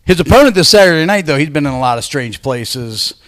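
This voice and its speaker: A man hosting a wrestling show in a laid-back, chatty way, pausing often on "uh". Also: fairly high pitch, animated, fairly bright tone, no echo. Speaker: show host.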